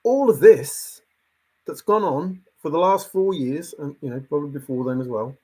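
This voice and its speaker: A somewhat high, husky male voice delivering a casual video monologue. He sounds exasperated and emphatic, driving the same points home again and again. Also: normal speed, a little mellow, rough recording. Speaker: treasure hunt commentator.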